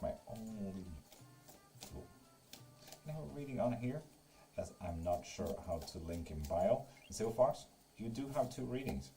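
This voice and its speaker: In a joking, teasing manner, a man gives live tarot readings on a casual stream, reading viewer comments aloud and swearing freely. His voice is low-pitched with a dark tone.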